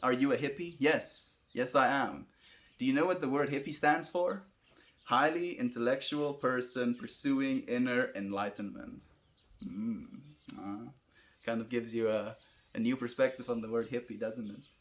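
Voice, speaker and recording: A young man with a South African accent talks to his livestream viewers in a calm, unhurried voice. His pitch sits in the middle range for a man, and he answers each chat message easily, warmly calling people friend. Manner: calm, laid-back, calls viewers friend.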